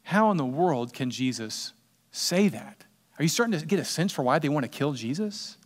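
A middle-aged man preaching a sermon as pastor, animated and acting out quoted voices with sudden loud jumps. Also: a little high, normal speed.

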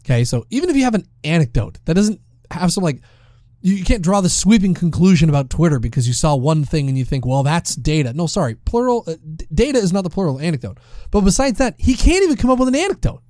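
A man's voice: high-pitched, quick pace, no room sound, studio quality. A man co-hosting a casual podcast, making his point emphatically and acting out quotes. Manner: emphatic, lively, acts out quotes. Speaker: podcast co-host. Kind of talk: casual chat.

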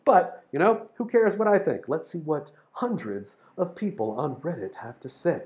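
A man hosting a casual explanatory monologue, rambling through ideas, spelling out words and filling pauses with ums and restarts. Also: a little high, lively intonation, darkish tone, muffled recording. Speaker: host explaining topics to listeners.

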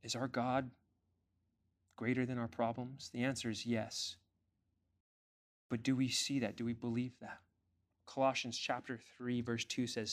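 A man preaching a sermon as pastor, asking the congregation rhetorical questions and building to forceful emphatic peaks. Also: mid-range voice, little pitch movement, moderate pace, long pauses. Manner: emphatic, rising to forceful climaxes.

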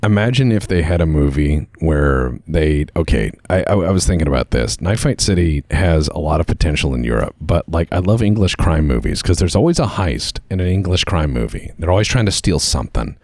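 A man's voice: a bass voice, animated, a little fast, few pauses, a little mellow, dry recording. A man co-hosting a podcast in casual chat, speaking with enthusiastic, swooping emphasis. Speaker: podcast co-host.

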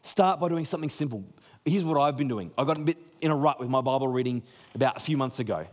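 A man's voice: medium pitch, fast. Man preaching conversationally. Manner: conversational preaching, acts out quoted people. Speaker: pastor. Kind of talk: sermon.

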